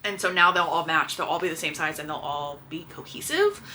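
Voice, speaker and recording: A woman's voice: sits low, animated, brisk, bright, forceful tone, slight background noise. A woman, chatting to camera in a casual book vlog, gushing and correcting herself as she goes. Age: late 20s. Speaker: book vlogger.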